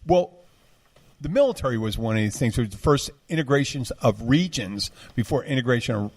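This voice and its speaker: A man's voice: mid-range voice, expressive, fairly quick, darkish tone. Rambling man. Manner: rambling, digressive, full of restarts. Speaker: podcast host. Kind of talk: casual chat.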